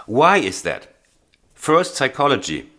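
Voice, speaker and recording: A man teaching a blues piano lesson, explaining earnestly and with emphasis, pausing with small hesitations. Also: mid-range voice, big pitch swings, bright, forceful tone. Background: faint piano playing.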